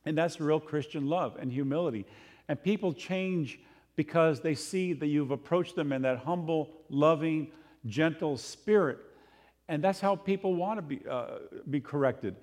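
A man preaching a sermon in a conversational, animated way, with sudden jumps in loudness and pitch. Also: normal speed. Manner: conversational, animated, acts out quotes in other voices.

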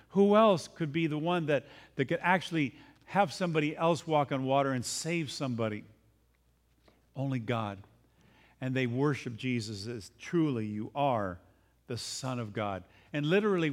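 A male pastor preaching a sermon, reading scripture and acting out the scenes with a rising voice. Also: medium pitch.

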